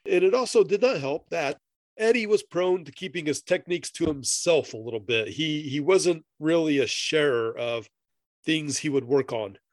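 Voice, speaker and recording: Chatty man, slightly high voice, dry sound. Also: normal speed, dry recording. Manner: rambling, reads passages aloud, laughs often. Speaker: podcast co-host. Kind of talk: casual chat.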